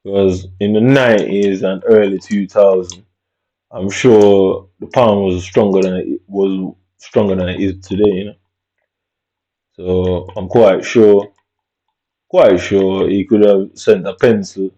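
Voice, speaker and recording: A man's voice: deep voice, steady tone, takes it slowly, dark tone, muffled recording. A man telling a long, reflective story about his childhood in casual, rambling talk, dropping "innit" throughout. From Jamaica. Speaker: vlogger.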